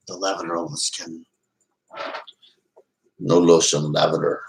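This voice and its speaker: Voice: extremely low pitch, level tone, a little slow, gravelly, pauses often, poor audio. A live-stream host in casual, playful chat with viewers, giggling often and teasing in a folksy way.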